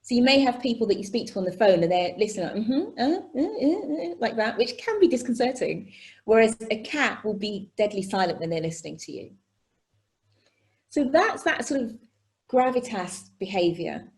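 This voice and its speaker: Woman workshop presenter on a video call, animated and conversational, tags lines with checks like "okay?". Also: medium pitch, moderate pace. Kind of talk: live online workshop teaching.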